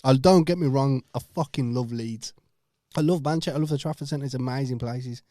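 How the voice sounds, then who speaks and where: A young man with a Birmingham accent, swearing and loudly defending himself in casual banter with friends. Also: mid-range voice, a little fast, no room sound, studio quality. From Birmingham, England. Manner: swears a lot, loud and defensive. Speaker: podcast co-host.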